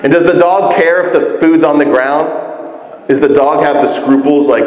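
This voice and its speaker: A man's voice: medium pitch, normal speed. A man preaching a sermon in a conversational, emphatic way, full of rhetorical questions. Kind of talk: sermon teaching. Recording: echoey hall.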